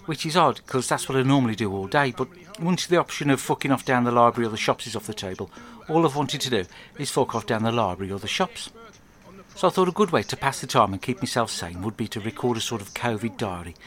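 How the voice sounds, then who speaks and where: A man with an English accent telling a crude comic diary monologue, rambling and deadpan. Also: mid-range voice, fast talker. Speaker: podcast host.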